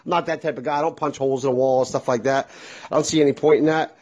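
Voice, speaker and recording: A man's voice: medium pitch, steady tone, rapid-fire, darkish tone, dull audio. A middle-aged man telling a casual, exasperated story with lots of swearing. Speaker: vlogger.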